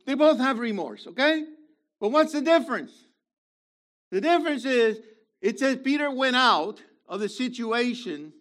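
Speaking a little slowly in a very high voice, a man preaches with animation. He alternates loud, emphatic lines with quiet asides and slips in playful remarks.

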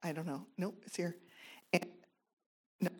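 A woman reading scripture aloud in a steady, measured way during a Bible study. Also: fairly low pitch, breathy edge. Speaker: scripture reader.

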